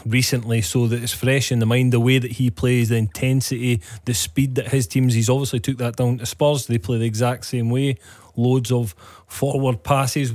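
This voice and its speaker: A man's voice: mid-range voice, a little mellow, dry recording, clean studio sound. A man giving football punditry on the radio, hesitant with frequent restarts and fillers. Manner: hesitant, many restarts and ums. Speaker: football pundit, former player. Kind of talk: studio punditry.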